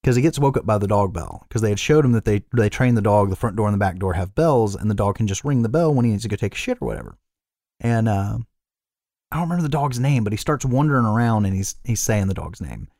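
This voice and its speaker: A man with a lowish voice talks through a film scene by scene in a loose, rambling way, dropping swear words and fillers. The sound is dry and close. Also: expressive, fast, darkish tone, no echo. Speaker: podcast co-host. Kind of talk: casual chat recapping a film.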